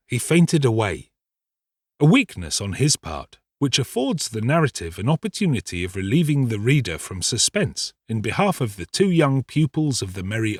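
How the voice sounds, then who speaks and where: A man narrating a dramatic audiobook in an expressive, theatrical storytelling manner. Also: mid-range voice, breathy edge, no room sound, clean studio sound.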